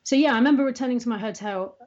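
A woman's voice: a little high, very fast, highs cut off, heavy background noise. A woman telling a story from a film shoot, acting out the back-and-forth of a conversation. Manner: recounts dialogue in an animated way. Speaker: interviewee.

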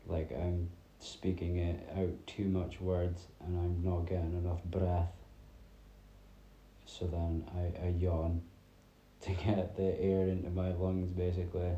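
Deep mellow guy from ne scotland, drops his t's, rambling podcast chat, echoey room. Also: completely flat delivery, slow pace, dull audio, a little hiss or hum. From north-east Scotland. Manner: rambling, chatty storytelling with many fillers. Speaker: podcast host. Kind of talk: casual solo podcast chat.

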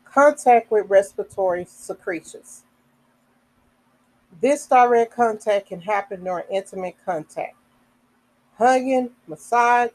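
A woman hosting a podcast, reading health information aloud slowly, with casual asides, fillers and the odd self-correction. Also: on the high side, a little mellow, low-quality recording. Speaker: podcast host.

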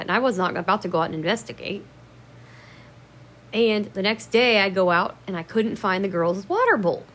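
Rambling, swearing woman telling dog stories. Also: mid-range voice. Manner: rambling, profane, laughs at herself; acts out quoted lines with sudden loud bursts. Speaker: dog owner telling memories. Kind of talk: casual storytelling to camera.

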